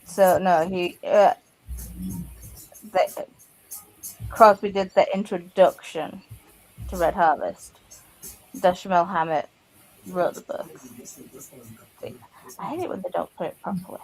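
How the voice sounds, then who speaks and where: A woman's voice: lowish voice, fairly even intonation, takes it slowly, creaky, long pauses, darkish tone, faint music behind, rough recording. A woman in a casual book club chat who looks up facts and corrects herself as she goes.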